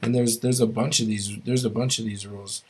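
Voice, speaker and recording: Male language teacher, low-pitched and even-toned, halting delivery, walks students through grammar rules. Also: breathy edge. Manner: halting, stops often to restart phrases; explains rules step by step to students. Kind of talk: classroom grammar lesson.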